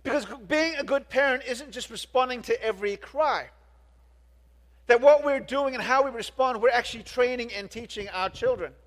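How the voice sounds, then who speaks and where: A high-pitched, middle-aged man preaches a sermon with earnest conviction, now and then tripping over a word and starting it again. He keeps asking the congregation questions. His voice rings out with a long tail of reverb in a big hall. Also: normal speed, fairly bright tone. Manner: earnest, often restarts words and asks the congregation questions. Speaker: pastor.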